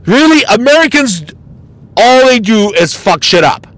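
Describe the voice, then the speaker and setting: A man's voice: high voice, sing-song, measured pace, a bit bright. A man hosting a casual solo podcast, ranting bluntly and mockingly with plenty of swearing. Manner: mocking and exasperated. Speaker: podcast host.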